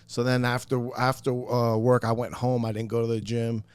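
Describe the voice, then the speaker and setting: A man casually telling a story on a podcast, animated and profane, acting out what people said. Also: medium pitch, moderate pace, smooth, no room sound. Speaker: podcast guest.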